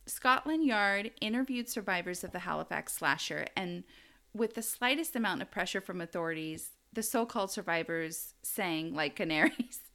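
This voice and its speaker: A woman's voice: lowish voice, animated, moderate pace, fairly bright tone. An American woman co-hosting a casual true-crime podcast, telling the story with frequent laughs and asides. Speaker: podcast co-host.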